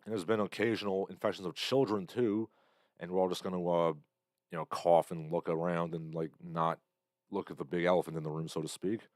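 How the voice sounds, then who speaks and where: Man, 30s, very deep voice, blunt rambling livestream host, lots of fillers, dry close sound. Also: steady tone, fairly quick, darkish tone, no echo. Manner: rambling, blunt, filler-heavy, reads chat comments aloud. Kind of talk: casual livestream commentary.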